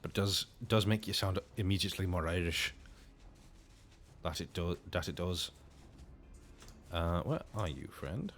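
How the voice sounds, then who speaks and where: Low-voiced chatty man streaming a game. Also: lively intonation, unhurried, long pauses, a bit bright, slight background noise. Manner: chatty, self-interrupting, playful about accents. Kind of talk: casual commentary while playing.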